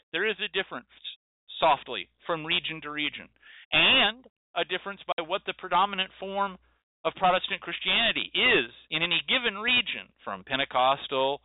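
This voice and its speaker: A man's voice: a little high, expressive, normal speed, no echo. Emphatic man lecturing over a tinny line. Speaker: host. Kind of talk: lecture-style monologue. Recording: tinny phone-like sound, dry.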